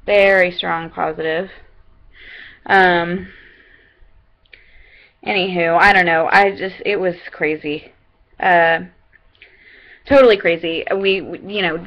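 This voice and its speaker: A young woman with a bright, crisp voice talks casually into her computer's webcam at home. She rambles in a chatty, excitable way, full of "um"s and restarts. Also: mid-range voice, rough recording. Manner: chatty, many fillers and restarts. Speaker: vlogger. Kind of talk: casual personal vlog.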